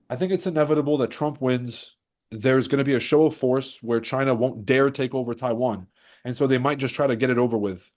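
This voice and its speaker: A man's voice: medium pitch, a little mellow. Stuffed-up male streamer, brash hype-man host of a casual trading stream. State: stuffed-up nose. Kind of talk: casual livestream commentary.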